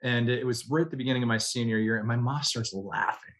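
A man's voice: medium pitch, fast talker. A man from the United States, an army veteran guest telling personal stories in a conversational interview, with many fillers and acted-out quotes. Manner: animated storyteller, many fillers, acts out quoted voices. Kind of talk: conversational storytelling.

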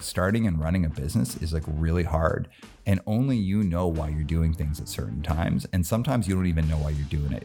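Deep gravelly male podcast host. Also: a little mellow. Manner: easygoing, loose, lots of fillers. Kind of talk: casual interview chat.

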